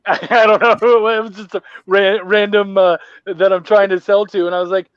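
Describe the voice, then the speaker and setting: A man from Canada with a high voice, talking as a guest on a live stream. He spins his stories with a lot of energy, playing out both sides of a conversation, and drops slang like "homie" along the way. His stream mic sounds dull and lo-fi, with a very dry sound. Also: normal speed, no room sound. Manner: animated storyteller who acts out both sides of a sales pitch. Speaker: guest, independent comic creator. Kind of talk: casual live-stream chat. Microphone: home mic on a live video stream.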